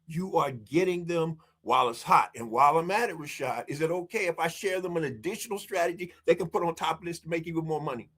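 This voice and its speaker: A man's voice: on the high side, fast, few pauses, fairly bright tone, slightly rough. A man speaking as a marketing strategist guest in a podcast interview, telling stories emphatically, acting out bits of dialogue and speaking straight to the audience. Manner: emphatic, acts out dialogue, addresses the audience directly. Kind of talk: energetic podcast interview storytelling.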